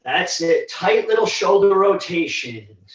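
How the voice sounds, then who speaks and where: Winded male trainer, slow cues, echoey room far from the mic. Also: high-pitched, lively intonation, fairly bright tone. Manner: encouraging, counts down reps and cues moves. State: out of breath. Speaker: fitness instructor. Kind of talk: live virtual workout coaching. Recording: echoey, distant, dull livestream audio.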